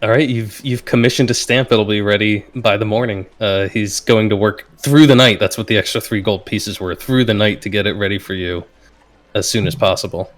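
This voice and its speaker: A man's voice: fairly low pitch, steady tone. A man narrating a tabletop game as game master, hesitant and full of fillers. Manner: slow, hesitant, lots of fillers.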